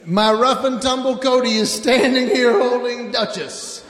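A middle-aged man doing animated stand-up comedy for a live audience, acting out stories about his children. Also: extremely high pitch, unhurried, in a large hall, a little hiss or hum. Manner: animated storyteller acting out his kids and himself.

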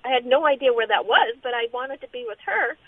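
A middle-aged woman giving a personal testimony as an interview guest, speaking in a halting, earnest way with many restarts. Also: sits high, sing-song, vocal fry, no echo. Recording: tinny phone-line sound.

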